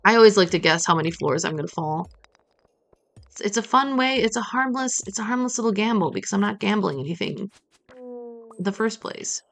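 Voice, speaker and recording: A woman's voice: mid-range voice, lively intonation, brisk, creaky. A woman streaming a farming game, chatting playfully and muttering to herself as she plays. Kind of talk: casual gameplay commentary.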